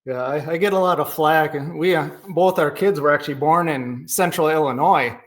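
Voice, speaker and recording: A middle-aged man with a Minnesotan accent, his voice sitting a little high for a man. He tells rambling, folksy stories in casual chat and laughs often. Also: normal speed. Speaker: podcast guest.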